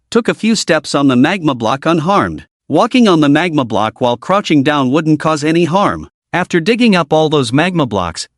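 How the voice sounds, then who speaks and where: A man narrates a story recap in a steady reading voice that sits a little high. His pitch moves expressively, and the recording is dry and close. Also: no room sound.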